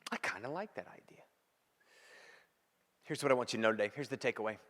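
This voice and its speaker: A man preaching a sermon as pastor, emphatic, repeating key phrases and dropping from loud to hushed. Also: medium pitch, quick pace, in a large hall.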